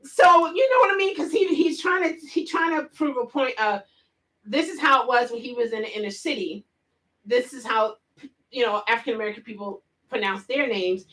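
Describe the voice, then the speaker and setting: A woman vlogger casually retelling a story and chatting with viewers, animated and quick to laugh. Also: on the high side. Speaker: vlogger hosting a live chat.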